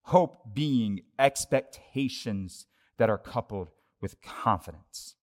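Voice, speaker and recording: A young adult man, a pastor, preaching a conversational sermon that moves between lively asides and hushed, earnest points. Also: fairly low pitch, slow.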